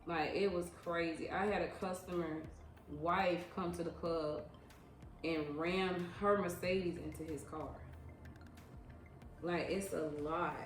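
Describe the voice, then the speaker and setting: Thirties woman, lowish voice, frank slangy storyteller, echoey room, faint ambience. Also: steady tone. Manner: slangy, drawn-out repetitions. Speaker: vlogger recounting her years as a club dancer. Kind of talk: casual story time.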